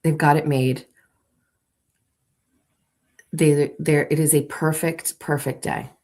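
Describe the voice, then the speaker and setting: A woman's voice: low-pitched, fairly even intonation, slow pace, darkish tone. A woman hosting a morning show, playfully walking her audience through an imagined scene in a theatrical storytelling manner. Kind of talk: comic storytelling to a live audience.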